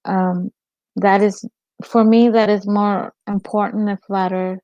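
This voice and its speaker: A woman's voice: mid-range voice, little pitch movement, slow pace, darkish tone, no echo. A woman hosting a casual livestream chat, rambling and answering viewers' comments by name. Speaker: livestream host. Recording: dull lo-fi stream audio.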